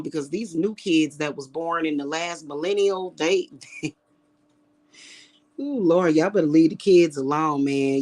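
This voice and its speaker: A woman, ranting to camera in a casual vlog, blunt and animated, with profane slang. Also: sits low. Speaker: vlogger.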